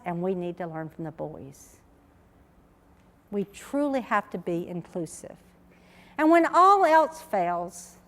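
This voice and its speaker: A woman, giving an emphatic, story-driven conference talk as a researcher. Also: mid-range voice. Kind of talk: conference keynote speech. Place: large conference hall. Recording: reverberant lecture hall.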